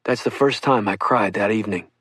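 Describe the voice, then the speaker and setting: A man narrating an oral history audiobook, reading survivors' accounts in a calm first-person voice. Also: fairly low pitch, fairly quick, breathy edge, dry recording, studio quality.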